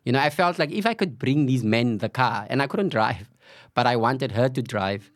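This animated, medium-pitched male voice moves at a moderate pace in a dry, clean studio recording. He's a middle-aged podcast guest from the Cape Flats, South Africa, candidly telling a story, acting out people's words and often saying "you know."

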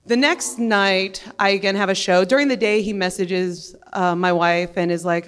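A woman telling a comic story in a brash, profane, lively way. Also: mid-range voice, normal speed, few pauses, clear, resonant tone. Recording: long hall reverb.

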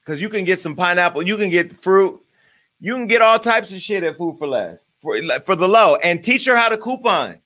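A man's voice: high-pitched, animated, moderate pace, pushed and bright. A man hosting his own show, ranting in a profane, joking and angry way. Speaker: show host. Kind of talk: uncensored comedic rant.

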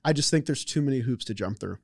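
A man's voice: medium pitch, animated, quick pace, creaky, darkish tone, no room sound, studio quality. A man filling in as co-host on a sports talk show, giving long analytical takes with some stumbles. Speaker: guest co-host.

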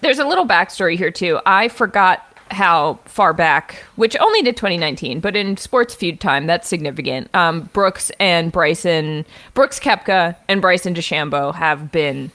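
Woman, podcast co-host, casual chat, quick animated storytelling. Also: on the low side.

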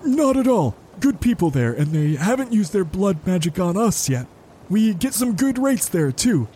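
A man voicing an evasive ship captain who talks in a placating, drawn-out way. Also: sits high, very animated, mellow, slight background noise. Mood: calm. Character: smooth-talking male ship captain, evasive.

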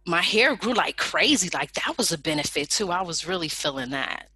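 A woman telling a personal story in a lively storytelling manner, acting out the people in it with raised voices. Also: lowish voice, moderate pace, husky, no room sound. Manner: animated, acts out quoted people in raised voices.

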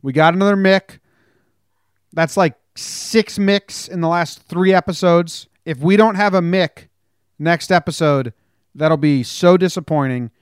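A man hosting a casual sports podcast, upbeat and joking in fast banter with his co-host. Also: a little high, smooth, dry recording, clean studio sound. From New Jersey.

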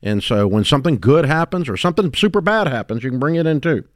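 An older man hosting a call-in advice radio show, talking in an emphatic, folksy way that swings from booming to hushed. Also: animated, quick pace, no room sound, studio quality. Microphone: studio microphone.

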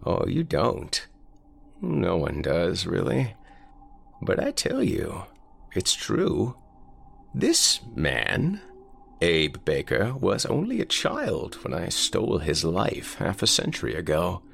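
An actor voicing a frail, haunted old man confessing, with a raspy voice and a slow, pleading delivery. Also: low-pitched, huge pitch swings, a bit bright, a little hiss or hum, pitched above the performer's own voice, full character voice. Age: older.

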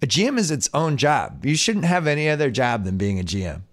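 A man's voice: medium pitch, sing-song, brisk. A man hosting a casual sports podcast, reading out listener questions and giving wry, opinionated answers. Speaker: podcast host.

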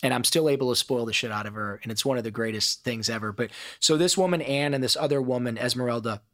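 Middle-aged guy from ohio telling stories on a podcast, swears a lot, really animated, mid voice. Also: medium pitch, quick pace. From Ohio, USA. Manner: emphatic, profane, animated storyteller. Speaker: podcast guest. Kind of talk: casual storytelling interview.

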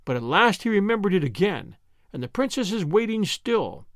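A man's voice: high-pitched, very animated, normal speed, fairly bright tone, dry recording, studio quality, voice pushed up. A man voicing a dreamy romantic young woman. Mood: earnest, dreamy. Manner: fanciful, earnest, storybook phrasing. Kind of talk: audiobook character reading.

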